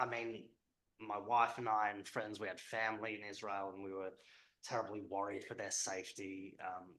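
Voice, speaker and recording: Low-voiced man giving a halting talk. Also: a bit bright, reverberant, low-quality recording. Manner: conversational, hesitant with many ums. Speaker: panel speaker, historian. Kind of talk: public talk at an event.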